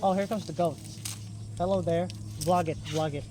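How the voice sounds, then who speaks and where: A man's voice: fairly high pitch, steady tone, normal speed, background noise. A young man vlogging outdoors on a farm, talking in a playful, boastful, rambling way. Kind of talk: casual farm vlog.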